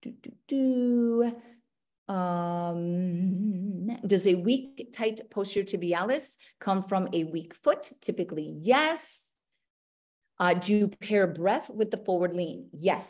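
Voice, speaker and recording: A woman podiatrist hosting a live webinar, answering questions and demonstrating exercises with upbeat, chatty movement cues. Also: mid-range voice.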